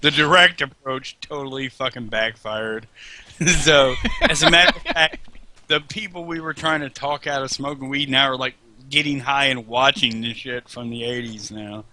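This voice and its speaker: A man's voice: medium pitch, moderate pace, bright, forceful tone. A man chatting casually over a game, joking and swearing as he rambles. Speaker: host. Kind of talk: casual chat over gameplay.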